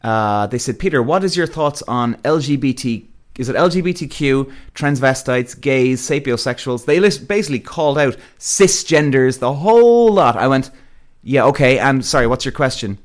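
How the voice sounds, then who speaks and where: A man's voice: medium pitch, normal speed. A man hosting a podcast, delivering a blunt, profane rant straight to his listeners. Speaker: podcast host. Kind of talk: ranting monologue to listeners.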